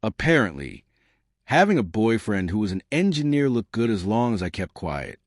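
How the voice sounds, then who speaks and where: A man narrating a scripted first-person story with wry, deadpan delivery. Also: lowish voice, moderate pace, no room sound, studio quality.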